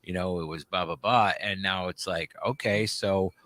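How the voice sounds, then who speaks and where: Deep-voiced man hosting a casual stream. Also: steady tone, moderate pace, sharp tone, dry recording. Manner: loose, swearing, laughing often. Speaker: livestream co-host. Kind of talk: casual chat.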